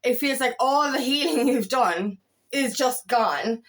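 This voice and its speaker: A woman's voice: high voice, measured pace. A woman coach in a casual confessional vlog, speaking frankly with plenty of swearing and retelling her own thoughts. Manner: frank and profane, tells stories with self-quotes. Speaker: feminine empowerment coach.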